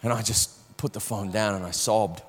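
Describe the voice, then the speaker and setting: A man preaching a sermon, telling a personal story with strong swings from hushed to loud, often repeating words as he starts sentences. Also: on the low side, steady tone, moderate pace, in a large hall.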